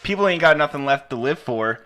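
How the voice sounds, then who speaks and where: A man's voice: a little high, lively intonation, a little fast, a bit bright. A young man co-hosting a podcast, rambling in casual chat, cursing freely and leaning on fillers. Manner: rambling, profane, full of fillers. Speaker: podcast co-host.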